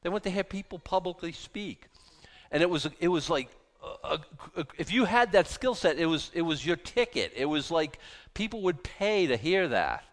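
Male pastor, conversational sermon, self-deprecating, rambling, lively intonation, slightly high pitch. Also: moderate pace. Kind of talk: conversational sermon, Bible exposition.

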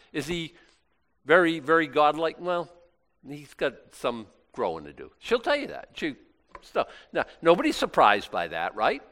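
Lively conversational male preacher. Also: a little high, normal speed. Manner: conversational preaching with laughs and acted asides. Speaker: pastor. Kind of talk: sermon.

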